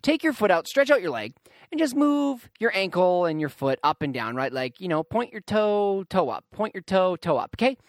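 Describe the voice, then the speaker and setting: Animated young man telling a story. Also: high-pitched, a little fast, dry recording. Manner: animated, emphatic, addresses listeners as "guys". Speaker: storyteller addressing viewers. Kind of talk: casual storytelling monologue.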